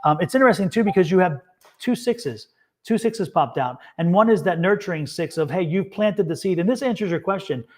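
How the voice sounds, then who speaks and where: A man's voice: high-pitched, expressive, brisk. A man hosting a live tarot reading session, chatting casually, repeating himself and laughing often. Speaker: tarot reader and co-host. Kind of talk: casual livestream chat.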